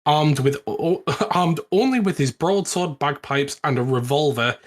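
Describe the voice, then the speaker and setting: A British man co-hosting a podcast, telling a history story in casual, animated chat with frequent laughs. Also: on the high side, unhurried. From Britain. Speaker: podcast co-host.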